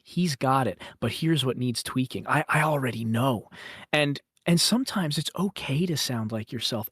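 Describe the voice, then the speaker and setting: Man, voice coach, fairly high pitch, dry close recording, emphatic and encouraging. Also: no echo. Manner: emphatic, encouraging, explains eagerly. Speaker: voice acting coach. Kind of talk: casual interview chat.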